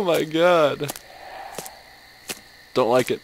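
A man's voice: medium pitch, wildly swooping pitch, slow, pauses often, sharp tone, slight background noise, rough recording. A man giving sarcastic, jumpy commentary on a horror game, yelping and laughing at the scares. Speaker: let's play host.

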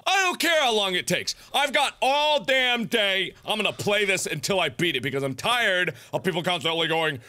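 Man, game commentary, profane ranting, bright forceful tone, lively swooping pitch. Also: normal speed, few pauses. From United States. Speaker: gaming video host. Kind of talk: let's-play commentary. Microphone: desk mic while recording with webcam.

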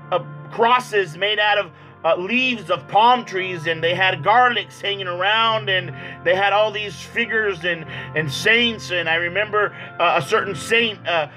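Bright high-voiced man giving testimony. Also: rough recording. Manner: halting, repeats words. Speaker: evangelist. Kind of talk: personal testimony. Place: small church.

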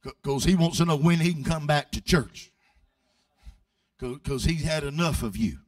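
A man preaches from a distance, his high voice rising from hushed storytelling into loud, half-sung shouts. He stumbles and repeats words as he goes. The room sounds dry and close, with no echo. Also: normal speed. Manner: repeats words and restarts often. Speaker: evangelist preacher. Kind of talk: sermon with storytelling.

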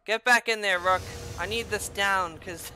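A woman giving casual gameplay commentary as a let's-play host, sarcastic and profane, with loud outbursts and taunts. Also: medium pitch, fairly even intonation, measured pace, slight background noise.

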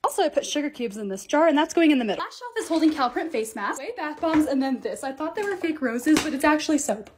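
A bubbly young woman talks through her own vlog at a quick clip with a high, lively voice. She sounds upbeat and pokes fun at herself. A faint noise sits under the recording. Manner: bubbly, self-mocking, upbeat. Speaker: lifestyle creator. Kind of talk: voice-over vlog narration.

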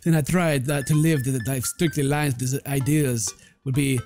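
A man's voice: medium pitch, steady tone, moderate pace, a little mellow, faint music behind, lightly acted. A man voicing a formal, lecturing goth vampire dad, speaking in a mock vampire accent as if his teeth were too big.

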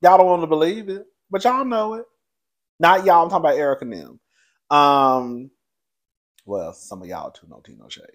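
Sassy guy with a kinda high voice doing a gossipy recap, laughing, calling everybody girl. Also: moderate pace, long pauses. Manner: sassy, animated, calls listeners "girl" and "child", laughs often. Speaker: show reviewer and host. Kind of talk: casual reality TV recap commentary.

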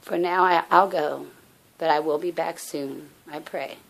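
A woman giving an earnest, halting personal faith message as a vlogger. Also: low voice, fairly even intonation, vocal fry. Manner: soft-spoken, halting, earnest. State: out of breath. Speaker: religious vlogger.

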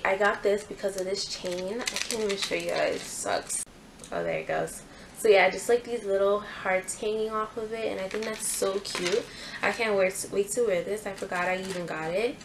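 A woman's voice: medium pitch, a little hiss or hum, rough recording. A young woman hosting a casual clothing haul vlog, chatty and gushing, with lots of fillers. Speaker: fashion YouTuber.

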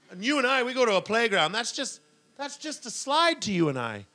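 Male stand-up comedian, middle-aged, high lively voice, rambling self-mocking delivery, sudden shouts. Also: brisk. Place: comedy stage before a laughing audience.

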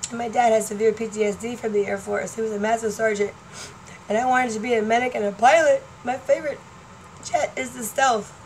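A woman's voice: on the high side, fairly even intonation, brisk, darkish tone, rough recording. Woman, 40s, vlogger; chatty and scattered, laughs a lot, faint noise behind. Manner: chatty, laughing, jumps between topics. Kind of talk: rambling casual chat to fans.

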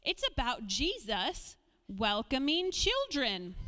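A woman giving a children's sermon in a church sanctuary, talking gently and playfully to small children. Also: high voice, expressive, measured pace, long reverb tail. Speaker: children's message leader.

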